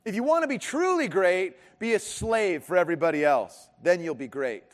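A pastor giving a conversational sermon with joking asides. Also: male voice, high-pitched, expressive, moderate pace. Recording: long hall reverb.

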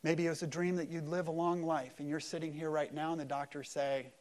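A male pastor delivering an Easter sermon to his congregation. His voice sits a touch high, and he swings from forceful emphasis down to near-hushed phrases. He also acts out the voices he quotes. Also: little pitch movement, brisk. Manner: dramatic preaching, swings between loud emphasis and hushed lows. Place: church service.

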